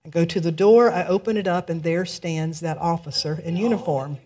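Woman minister, warm-toned storyteller at the pulpit, lively delivery. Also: lowish voice, a little fast, breathy edge. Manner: lively storyteller, laughs through punchlines. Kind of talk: storytelling sermon.

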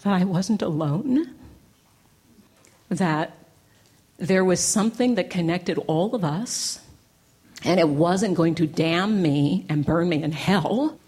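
A woman giving a lively talk to a church gathering, telling stories with playful, punchy repetition and plenty of animation. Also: on the low side, takes it slowly, long pauses, slightly rough. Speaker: inspirational speaker. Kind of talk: storytelling talk to a live audience.

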